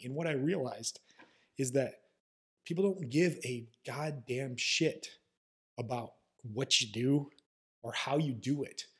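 A man speaks in a mid-pitched, somewhat husky voice, hosting a podcast monologue. He is blunt and profane, with a sarcastic edge. He talks like a manual therapist lecturing his peers. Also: slow pace.

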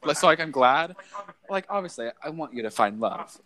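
A young man trades stories on a casual podcast with his roommate, joking and animated as he talks. His voice sits a little high for a man. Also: normal speed, a crowd in the background. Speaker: podcast co-host. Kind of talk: casual chat.

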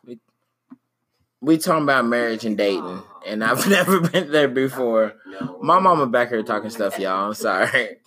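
Casting note: man host, bright forceful voice, playful and loose. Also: medium pitch, expressive, normal speed. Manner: joking, laughing, Southern US slang. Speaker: podcast host. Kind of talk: casual family chat.

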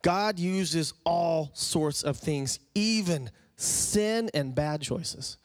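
A man's voice: a little high, extremely slow. A man, a pastor, preaching a sermon to his church in a conversational way that builds into fervent appeals. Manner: conversational, rising to fervent exhortation. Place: church sanctuary.

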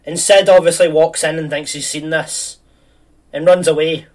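A man's voice: on the high side, steady tone, moderate pace, darkish tone, far from the mic. A man chatting casually, rambling through a film plot with lots of fillers and restarts.

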